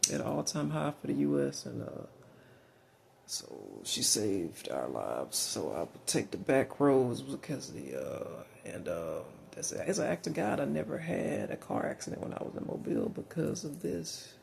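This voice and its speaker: A middle-aged man with a Southern US drawl and a heavily gravelly voice that rises and falls in a lively way. He rambles frankly and profanely, with many fillers and restarts. A faint background hiss sits behind him. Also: mid-range voice, moderate pace. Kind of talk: rambling personal monologue.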